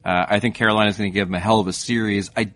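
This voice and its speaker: Low-voiced man hosting hockey talk. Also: steady tone, a bit bright, a little hiss or hum. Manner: thoughtful, measured, frequent fillers. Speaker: hockey podcast host. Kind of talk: casual sports chat.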